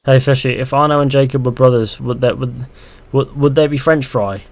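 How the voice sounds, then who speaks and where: A man's voice: mid-range voice, steady tone, moderate pace. A young man live-streaming a game, chatting casually, reading viewer comments aloud and answering with dry sarcasm. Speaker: gaming streamer. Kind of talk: casual live-stream chat while playing.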